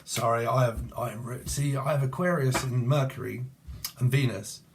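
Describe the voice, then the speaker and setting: A man's voice: mid-range voice, normal speed, noisy background. A middle-aged British man giving a casual tarot reading, with rambling, crude talk and laughing asides. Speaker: tarot reader.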